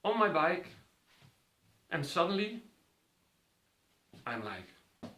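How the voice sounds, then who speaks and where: A man's voice: high-pitched, very animated, very slow, bright, forceful tone. A man vividly telling a personal story to an audience, acting out the voices of others. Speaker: speaker. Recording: roomy echo.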